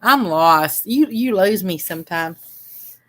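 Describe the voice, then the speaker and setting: A woman's voice: lowish voice, expressive, slow pace, no echo. A woman chatting casually beside the host, teasing him in an easygoing way. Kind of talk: casual chat.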